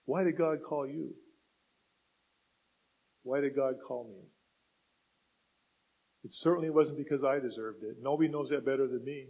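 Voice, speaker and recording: A man's voice: medium pitch, normal speed, long pauses, breathy edge, highs cut off. A man preaching a sermon as a pastor, retelling scripture with dramatic rises and falls in emphasis.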